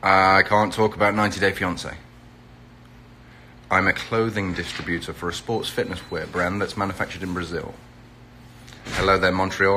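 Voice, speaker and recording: A middle-aged man from England, known from reality TV, chats casually on his phone live stream, greeting viewers by where they are and promoting an event. His voice is low and sharp-toned, with slight background noise.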